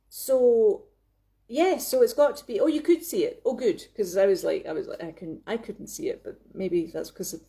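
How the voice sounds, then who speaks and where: A woman's voice: mid-range voice, warm tone. A woman hosting a casual live video chat from her craft workspace, talking into her phone in a rambling way, with lots of restarts and laughs. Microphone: phone camera.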